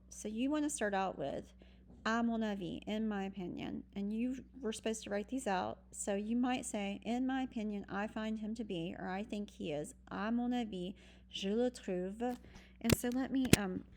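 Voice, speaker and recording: A woman's voice: mid-range voice, a little mellow. Woman, French teacher, walks through worksheet patiently step by step over faint hum; plain mid voice. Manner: patient, explains step by step with many ums. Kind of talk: recorded virtual lesson walkthrough.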